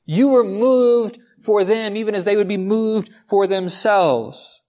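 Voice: mid-range voice, takes it slowly, warm tone. A pastor preaching a sermon in a conversational way, telling a story to the listeners and asking them rhetorical questions.

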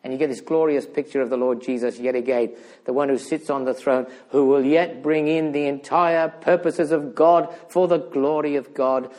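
A man preaching a sermon in a church, animated, full of rhetorical questions, swinging between loud emphasis and hushed asides. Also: mid-range voice, normal speed.

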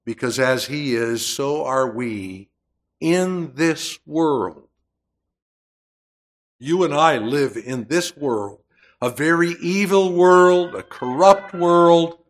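A man preaching a sermon, slow and deliberate, with emphatic swells on key words. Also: medium pitch.

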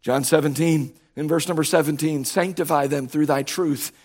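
Male preacher, high-pitched, emphatic repeating delivery, loud peaks and quiet drops, slightly hoarse. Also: fairly even intonation, normal speed. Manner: emphatic, repetitive, rising to shouts then dropping low. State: voice starting to go hoarse. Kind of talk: sermon. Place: church sanctuary.

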